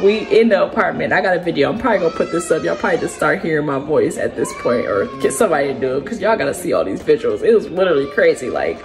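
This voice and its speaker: Young woman vlogger, slightly low voice, animated and chatty as she tells her story to the camera. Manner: animated, keeps addressing listeners as "y'all"; acts out other people's words as she tells it.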